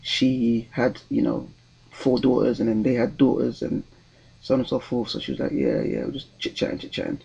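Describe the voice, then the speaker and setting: A man's voice: medium pitch, flat delivery, brisk, vocal fry, warm tone, slightly rough, dull audio. A young man, telling a story in a casual vlog with a rambling, hesitant delivery full of ums and restarts. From London, England. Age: 20s. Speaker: vlogger.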